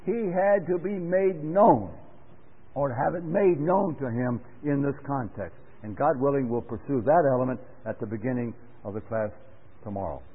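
Male Bible class speaker, sermon style, measured and emphatic, mid-pitched, tinny old recording with long hall reverb. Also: animated, husky. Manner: earnest, deliberate, with emphatic rises on key words.

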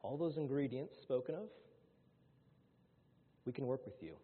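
A man preaching a sermon to his congregation, swinging between loud, rising lines and hushed ones. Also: mid-range voice, lively intonation, normal speed, breathy edge. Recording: phone-like sound in a large hall.

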